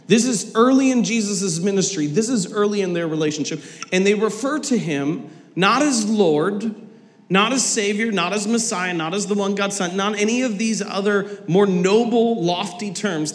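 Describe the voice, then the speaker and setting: Male pastor, lively sermon, acts out quotes for laughs; bright high voice carried by a reverberant church hall. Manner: animated storytelling, acting out quotes with humor. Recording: long reverb of a large hall.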